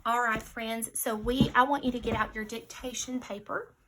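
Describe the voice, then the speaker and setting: A woman with a Southern accent, teaching a patient phonics lesson to young children, sounding words out slowly. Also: fairly high pitch, steady tone, far from the mic, background noise.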